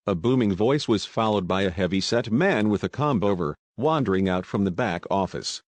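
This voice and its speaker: A man narrating an audiobook in steady, even scripted storytelling. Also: lowish voice, normal speed, hardly any pauses, no echo.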